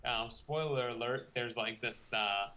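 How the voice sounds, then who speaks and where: A man with a bright, forceful voice chatting on a podcast. He rambles loosely, packing his sentences with "like" and "you know". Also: mid-range voice, unhurried. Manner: loose, filler-heavy, lots of "like". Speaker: podcast co-host. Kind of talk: casual chat.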